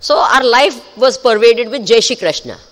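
A woman spiritual teacher speaks to a gathered audience with a fairly high voice. Her pitch swings widely as she poses questions to her listeners and laughs between points. The recording carries the long reverb of a large hall. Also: expressive, normal speed. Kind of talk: spiritual discourse to a live audience.

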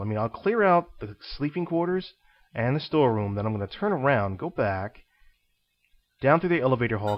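This let's play host speaks at medium pitch through dull-sounding audio, commenting casually on his game. He chats away to himself and his viewers, dropping in playful asides like a teacher.

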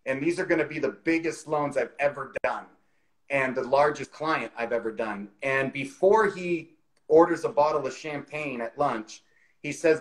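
A man in his forties, a real estate expert, telling a story in a casual interview over a video call, with lively fillers like "you know" and "like". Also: medium pitch, normal speed, rough recording. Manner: animated, chatty anecdote telling with many fillers.

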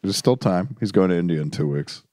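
A man guesting on a podcast, trading crude deadpan jokes full of trailing fillers. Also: low-pitched, brisk, no room sound, clean studio sound. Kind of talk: crude comedic chat.

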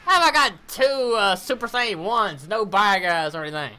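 A woman giving casual commentary on her mobile game summons, animated and cursing at bad pulls. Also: medium pitch, normal speed. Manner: animated, groaning, swears.

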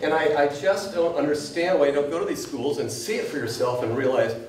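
A woman's voice: sits low, brisk, noisy background. A woman teacher giving an impassioned, scolding public comment at a school board meeting. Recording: echoey room, distant mic.

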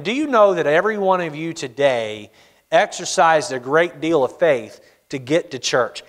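A man preaching a sermon as pastor, asking the congregation questions and acting out their answers. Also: fairly high pitch. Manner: asks the congregation questions, acts out their replies. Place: church auditorium. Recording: long church reverb.

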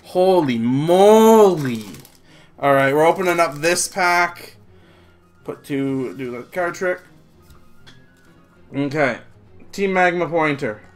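A YouTube host casually opening trading card packs and rambling straight to viewers in an excitable way. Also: mid-range voice, slow pace, long pauses. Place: home room, seen on face cam. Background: faint background music.

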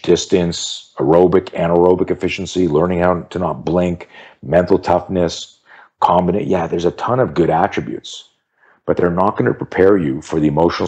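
Low-voiced man in his fifties, emphatic storyteller. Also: husky, highs cut off. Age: 50s. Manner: animated storyteller who acts out the voices of people in his anecdotes; emphatic, repeats key phrases for effect. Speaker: self-defense instructor and podcast guest. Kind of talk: storytelling in an interview.

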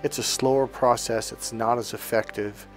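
A man's voice: medium pitch, fairly even intonation, moderate pace, over music. A man teaching as a spiritual coach, talking casually, telling rambling stories and often checking in with "okay?". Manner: rambling anecdotal storytelling.

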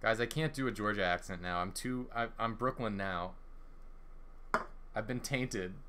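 A man's voice: lowish voice, moderate pace, background noise. A man streaming a cooking game, trading sarcastic, bossy banter while cooking. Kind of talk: casual co-op gaming chat.

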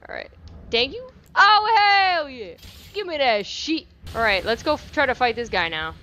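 A young woman giving casual, profane gameplay commentary with sudden excited outbursts. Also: on the high side, moderate pace. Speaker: gaming channel host.

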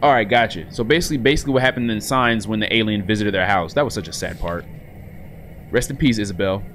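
A man giving slangy, excitable commentary while playing a horror game at home, swinging from low mutters to sudden yelps. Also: quick pace, a little hiss or hum. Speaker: gaming channel host. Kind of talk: let's play commentary. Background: horror game music and sounds.

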